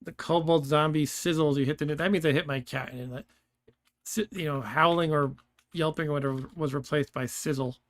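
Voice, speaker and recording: A man's voice: on the high side, fairly even intonation, a little fast, no room sound. A man giving casual let's-play commentary, thinking aloud and laughing often, with keyboard clicks behind him. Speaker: gameplay streamer.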